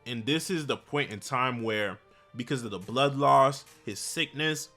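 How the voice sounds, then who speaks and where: Bright-voiced man recapping a comic chapter. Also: medium pitch, a little slow, faint music behind. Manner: animated, slangy storytelling, frequent "bro" and "basically". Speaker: manhwa recap YouTuber.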